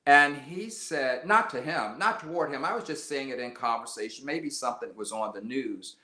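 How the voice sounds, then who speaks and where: An older man from the United States tells stories as an interview guest, his bright, forceful voice sitting at a middle pitch. He talks in a lively, rambling way, restarting and adding asides. The sound is roomy, with echo around him. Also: normal speed. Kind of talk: conversational storytelling interview.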